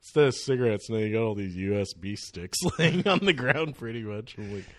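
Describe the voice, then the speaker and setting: A man from northern California with a fairly low, brisk voice appears as a podcast guest and DJ, recorded with no echo. In a casual chat he tells laid-back, slangy stories and laughs a lot.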